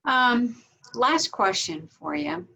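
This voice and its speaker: A woman interviewing a candidate, asking friendly, halting questions with many fillers. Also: a little high, animated, bright, forceful tone, husky. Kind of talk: casual interview. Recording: muffled recording.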